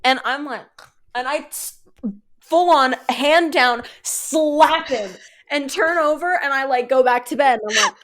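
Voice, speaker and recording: A woman's voice: sits high, measured pace, fairly bright tone. A young woman co-hosting a podcast, telling rambling personal stories in casual chat, full of "you know". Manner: rambling anecdotes with many "you know" fillers. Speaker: podcast co-host.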